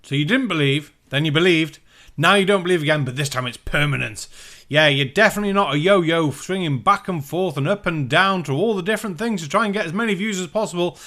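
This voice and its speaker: A man's voice: a little high, fast talker, pushed and bright. A man hosting a reaction channel, delivering sarcastic, profane commentary. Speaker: channel host.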